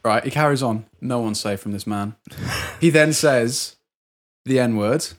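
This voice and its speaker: A man, co-hosting a podcast and telling a work story in a casual, animated way, laughing often and mimicking the people in it. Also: medium pitch, measured pace. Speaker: podcast co-host.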